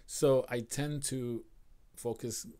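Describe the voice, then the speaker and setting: An American man teaching English on a live stream, greeting viewers and repeating phrases slowly and with emphasis. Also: mid-range voice, fairly even intonation, dark tone. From United States.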